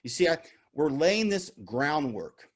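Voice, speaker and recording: Upbeat male keynote speaker on a video call, animated storyteller who laughs at his own jokes, bright, swinging delivery. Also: on the high side, measured pace. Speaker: motivational speaker. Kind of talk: virtual keynote talk with storytelling.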